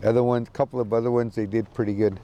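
A man giving a casual, halting spoken report from an outdoor camp, with many restarts. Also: mid-range voice, little pitch movement, highs cut off, slight background noise. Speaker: community advocate calling in from a camp. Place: outdoor encampment.

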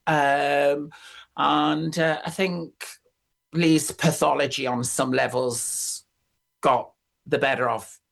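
An older speaker reminisces in an unhurried, drawn-out way. The talk rambles through plenty of fillers and restarts, then leaps up in pitch when excited. The pitch sits in a middle range. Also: creaky. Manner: rambling and animated, with frequent fillers and sudden high pitch jumps. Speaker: interviewee, former pop singer. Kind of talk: casual reminiscing.

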